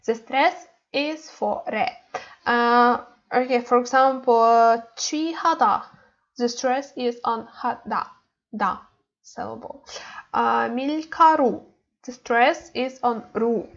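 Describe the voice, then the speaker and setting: A woman's voice: a little high, fairly even intonation, takes it slowly, gravelly, lo-fi sound. A woman teaching a Korean language lesson online, speaking hesitantly with many fillers and repeating words for practice.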